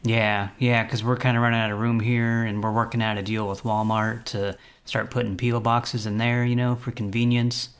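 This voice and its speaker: A man making prank phone calls, taunting and teasing the people he calls in a calm voice. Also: medium pitch, moderate pace, hardly any pauses, clear, resonant tone. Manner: mocking, taunting, calmly teasing. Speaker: prank caller.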